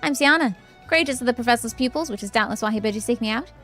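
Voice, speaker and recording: A woman's voice: a little high, quick pace, fairly bright tone, faint music behind, natural voice. A woman voicing a rambling, self-important young woman scholar in a video game, prim and long-winded.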